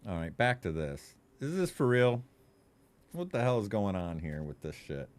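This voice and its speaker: A young adult man giving animated, profane gaming commentary, laughing often and chatting to his viewers. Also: on the low side, moderate pace. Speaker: streamer.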